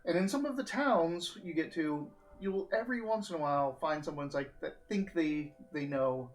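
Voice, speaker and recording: A man running a live tabletop game as game master, describing scenes and often pausing on "uh" while he recalls names. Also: a little high, animated, low-quality recording.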